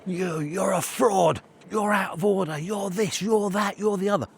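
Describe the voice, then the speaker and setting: A man voicing an angry stranger who shouts accusations at him in the street. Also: sits high, normal speed, slight background noise, pitched above the performer's own voice. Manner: accusing, ranting.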